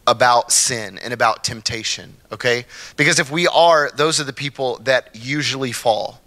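A man's voice: medium pitch, normal speed. A man preaching a casual, conversational sermon as pastor, often checking in with his listeners and acting out the people in his stories. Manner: animated storytelling, acts out quotes; frequent tag questions like "right?" and "okay?". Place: church.

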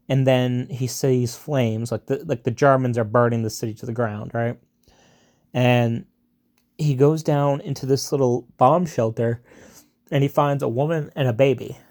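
A man's voice: mid-range voice, a little mellow. A man casually retelling a film plot in a rambling way, with many fillers and asides.

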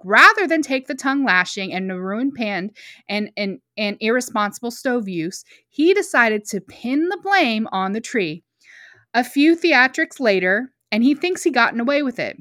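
A young woman co-hosting a podcast, reading a story aloud and then chatting, emotional and quick to get choked up. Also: a little high, pushed and bright, no room sound, clean studio sound. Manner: emotional, choked up, laughs often. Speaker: podcast co-host.

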